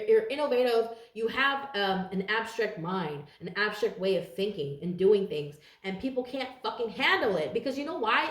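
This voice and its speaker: A woman giving a casual tarot reading to her viewers, blunt and profane, rambling with lots of fillers. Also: a little high. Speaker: tarot reader. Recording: roomy echo.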